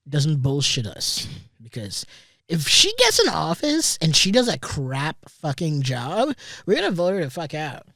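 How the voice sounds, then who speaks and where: A man's voice: on the high side, dry recording, clean studio sound. Rambling, foul-mouthed young man. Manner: rambling, profane, sarcastic asides. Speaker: podcast host. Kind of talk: casual solo commentary. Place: recording studio.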